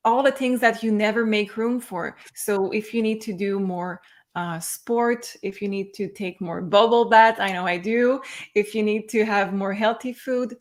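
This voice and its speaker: A gentle woman reads tarot cards for a livestream audience. She explains each card calmly, pausing and hesitating now and then. Her voice has an ordinary middle pitch. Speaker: tarot reader.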